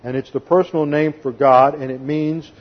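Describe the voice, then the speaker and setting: A man with a slightly high voice and fairly even intonation preaches an expository sermon at normal speed. Methodical and emphatic, he counts off numbered points to his congregation, captured in a dull lo-fi recording.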